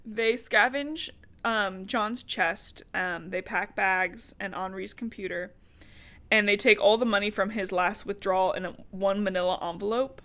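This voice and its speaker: A woman's voice: medium pitch, measured pace, a bit bright. A woman co-hosting a podcast, recapping a book in casual chat, full of fillers and sarcastic asides.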